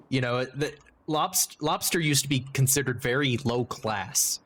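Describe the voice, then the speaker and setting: A man's voice: mid-range voice, moderate pace, fairly bright tone, slight background noise. A man streaming a game and chatting casually, rambling and joking as he interrupts himself. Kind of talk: casual livestream chat while gaming.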